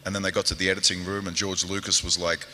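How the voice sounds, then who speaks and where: Male, New Zealand accent, fairly low and punchy, animated panel storyteller, reverberant convention hall. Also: quick pace. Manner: lively anecdotes with quoted voices and growls.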